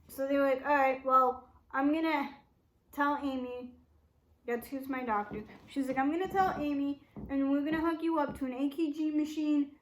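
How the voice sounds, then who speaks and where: A young woman vlogging a life update at home, rambling and quoting herself and others over and over. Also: high voice. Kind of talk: casual life update vlog. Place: room at home with door shut.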